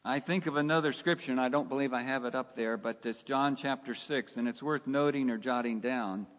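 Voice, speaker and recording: A male pastor preaching a sermon, slow and emphatic, asking his listeners rhetorical questions. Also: medium pitch, fairly bright tone. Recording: long hall reverb.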